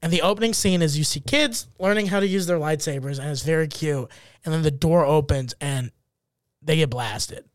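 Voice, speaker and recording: A man co-hosting a comedy podcast, telling stories in animated, profane banter. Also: fairly high pitch, moderate pace, dry recording, studio quality. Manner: animated, profane, acts out scenes in goofy voices. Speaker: podcast co-host.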